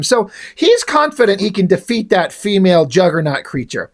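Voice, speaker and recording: A man's voice: high-pitched, very animated, normal speed, few pauses. Man recapping a comic in easygoing chat. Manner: reads dialogue aloud with little character voicing. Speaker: comic book reviewer.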